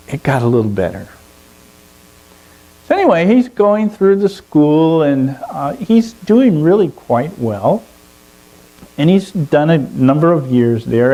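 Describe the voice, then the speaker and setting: A man telling a long story to a fellowship gathering in an animated way, often chuckling. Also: fairly high pitch, low-quality recording. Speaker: speaker at a fellowship service. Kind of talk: storytelling sermon.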